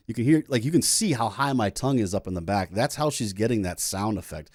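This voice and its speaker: A man's voice: on the low side, fast talker, few pauses, dry recording, studio quality. A man who is a music teacher, casually reacting to a song and enthusiastically explaining vocal technique, with apologetic asides to his viewers.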